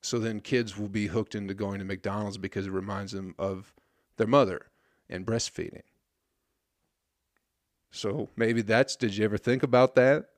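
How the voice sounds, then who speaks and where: A man's voice: on the low side, no echo, studio quality. Profane, rambling man in his thirties. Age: 30s. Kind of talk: casual solo rant.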